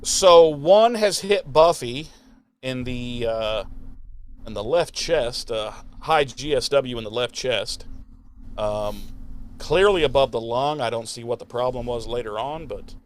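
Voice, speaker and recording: His voice is medium-pitched with lively intonation. As a podcast co-host, he runs through a TV episode in a casual, profane, rambling way, doing quick impressions of the characters.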